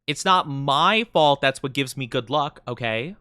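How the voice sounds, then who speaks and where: A man's voice: mid-range voice, expressive, a little slow, sharp tone, smooth, no echo. A young man streaming, chatting casually and reading chat aloud in a playful, mock-offended way with lots of fillers.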